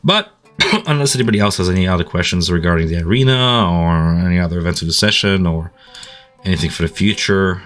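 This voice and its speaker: A man's voice: low voice, quick pace, fairly bright tone, soft background music. A man running a tabletop game, chatting casually with his players after the session, rambling and laughing as he talks. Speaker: game master. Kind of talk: casual post-session chat.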